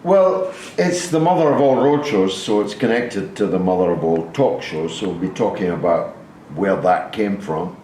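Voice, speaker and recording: A man's voice: sits low, lively intonation, normal speed, darkish tone. A Scottish man in his sixties, from Dundee, giving a plain-spoken talk with wry asides to a packed theatre audience. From Dundee, Scotland. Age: 60s. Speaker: host speaking at his own roadshow. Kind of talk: public talk to a live audience. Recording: echoey theatre with background noise.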